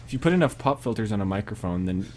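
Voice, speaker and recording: A man's voice: on the low side, animated, very fast, darkish tone. A man co-hosting a casual podcast chat, laughing often and joking around. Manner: giggly, laughs often, jokey and silly. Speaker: podcast co-host.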